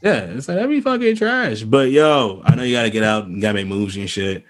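Guy, podcast host, lively swooping delivery, heated and profane. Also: medium pitch, a little fast. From Boston area. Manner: animated, heated, many restarts and profanity. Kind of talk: casual chat.

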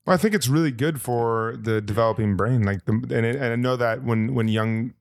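A man's voice: mid-range voice, fairly quick, creaky, no room sound. A man co-hosting a podcast, chatting in an enthusiastic, rambling way. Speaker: podcast co-host. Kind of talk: casual podcast chat.

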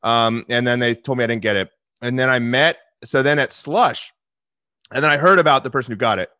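Man, podcast guest, bright forceful voice, dry close sound, rambling with restarts. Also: mid-range voice, brisk, no room sound. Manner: rambling, with frequent restarts and fillers. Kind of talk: casual chat.

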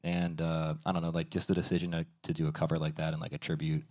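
A man with a very deep voice talks about making music. He speaks in halting, casual phrases with plenty of filler words. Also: completely flat delivery, a little mellow. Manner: halting, full of "like" and "kinda". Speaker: musician on a fan panel. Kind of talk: casual reflective talk.

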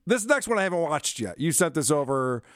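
A man's voice: on the high side, sing-song, a little fast, no room sound, clean studio sound. A man co-hosting a comedy podcast, chatting casually with sarcastic jokes. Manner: sarcastic, jokey. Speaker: podcast co-host.

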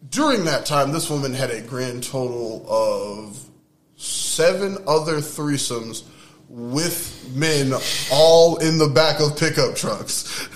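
A young man telling a story in casual podcast chat, animated and laughing as he talks. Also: medium pitch, slow, slight background noise. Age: young adult.

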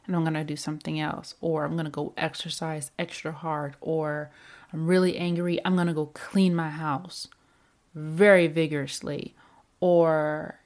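A woman's voice: low voice, level tone, normal speed, darkish tone. A woman giving a reflective self-help talk about anger, with repeated emphatic phrases and rhetorical questions. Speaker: speaker on anger and emotions.

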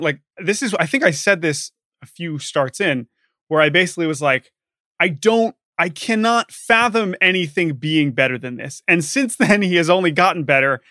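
A young man co-hosting a podcast in casual chat, animated and peppering his speech with fillers. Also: on the high side, no room sound, studio quality. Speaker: podcast co-host.

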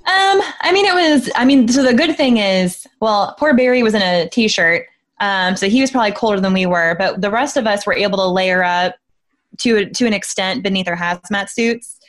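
A woman answers interview questions in a loose, rambling way, filling her pauses with "um" and "like." Her voice sits at an ordinary middle pitch. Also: lively intonation, a bit bright. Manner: chatty, rambling, many fillers. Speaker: actress guest. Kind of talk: casual interview chat.

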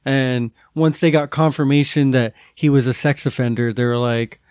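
A man's voice: mid-range voice, steady tone, normal speed, a little mellow, smooth, no room sound, studio quality. A man co-hosting a podcast in casual chat, explaining earnestly and rambling with lots of fillers. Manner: earnest, hedging, heavy on fillers. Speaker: podcast co-host.

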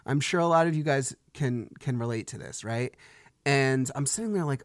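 Frustrated dad talking dry and close. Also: male voice, mid-range voice, expressive, brisk, no echo. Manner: conversational storytelling, frustrated. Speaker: podcast host. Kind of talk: solo podcast monologue.

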